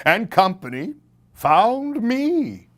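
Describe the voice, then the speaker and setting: A mischievous storybook skeleton that clacks its bones and is secretly timid, as a man puts it on. It talks loudly and slowly, in a raised voice that swings up and down. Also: high-pitched, big pitch swings, voice pushed up, heavily acted. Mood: scared. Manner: loud, eager exclamations.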